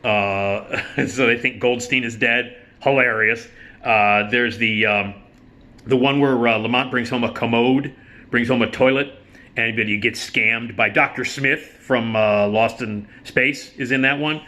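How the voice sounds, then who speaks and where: A middle-aged man hosting a casual chat, rambling and enthusiastic, swearing freely and filling pauses with lots of ums and uhs. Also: mid-range voice, steady tone, pushed and bright. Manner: rambling, enthusiastic, profane, many fillers. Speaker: host.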